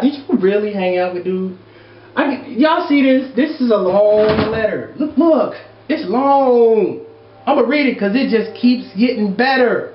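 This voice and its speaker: Advice host, male, high voice, loud exasperated rants full of cursing, lo-fi echoey recording. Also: distant mic. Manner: exasperated, loud, profane ranting. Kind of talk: reading and reacting to viewer letters. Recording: echoey room, dull lo-fi sound.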